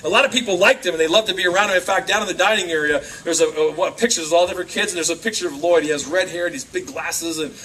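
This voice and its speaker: A man's voice: sits high, very fast, few pauses. A man giving a youth talk to kids at a camp, telling stories and acting out voices. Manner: animated storyteller acting out voices. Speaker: camp speaker. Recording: distant camcorder mic with faint room noise.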